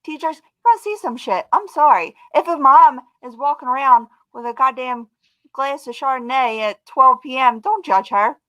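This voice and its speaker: A middle-aged woman, a guest on a video-call webcast, chatting casually and telling stories in an animated way with lots of "like" and "dude". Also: high-pitched, normal speed, dry recording, poor audio. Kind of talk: casual chat on a live webcast.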